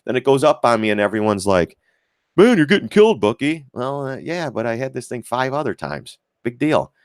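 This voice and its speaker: A man's voice: medium pitch, a little fast, clear, resonant tone, no echo, studio quality. A man giving blunt, profane live-stream commentary on stock charts and talking to viewers as guys. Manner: lively, mocks critics in put-on voices.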